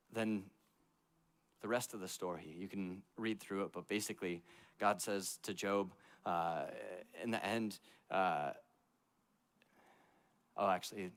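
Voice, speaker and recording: Young guy youth pastor, lowish voice, chatty sermon, lots of likes, goes loud then quiet. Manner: conversational, many "like" fillers, swings between loud and hushed. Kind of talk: casual storytelling sermon. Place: church youth service.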